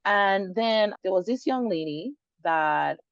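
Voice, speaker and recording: With a slow, creaky, mid-range voice, a woman guest recounts a personal story in an interview, acting out the dialogue with animation. The lo-fi recording is dull and dry, without echo.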